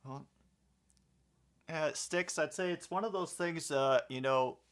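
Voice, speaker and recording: A man's voice: fairly high pitch, takes it slowly, fairly bright tone, clean tone. A young man casually calling a football game play by play and chatting with viewers, with a rambling, filler-heavy way of talking. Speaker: host of a sports commentary stream.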